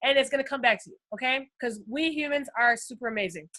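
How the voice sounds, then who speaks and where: A woman teaching a live trading lesson on screen, excitable and chatty, talking straight to her viewers and swinging from loud bursts to quiet asides. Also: sits high, fast talker. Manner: addresses viewers as guys and first timers. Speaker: trading instructor.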